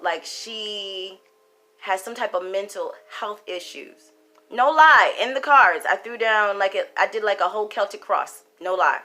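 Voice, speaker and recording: Bright-voiced woman telling a story. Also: mid-range voice. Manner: emphatic, repeats phrases, swears for emphasis. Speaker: tarot card reader. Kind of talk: casual storytelling to camera.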